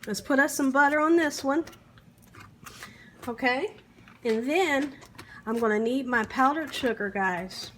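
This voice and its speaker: A woman's voice: sits high, a little slow, pauses often, fairly bright tone, slight background noise. A woman hosting a home cooking vlog in her kitchen, enthusiastic, often calling out to her viewers and humming as she tastes. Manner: enthusiastic, keeps saying "guys", hums while tasting. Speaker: home cooking channel host.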